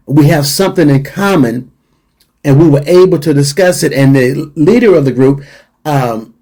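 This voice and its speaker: A middle-aged man talks to his radio listeners in an earnest, emphatic way and comes back to his main points again and again. His voice sits a little high for a man. Its tone is dark and mellow. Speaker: radio show host. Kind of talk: radio talk show monologue.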